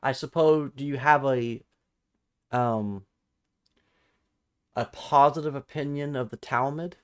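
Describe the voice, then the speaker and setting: Hosting a live Bible study stream, a man of ordinary pitch and clear, resonant tone talks off the cuff. He halts and corrects himself, restarting numbers while hunting for verses, then reads the scripture and viewer chat aloud.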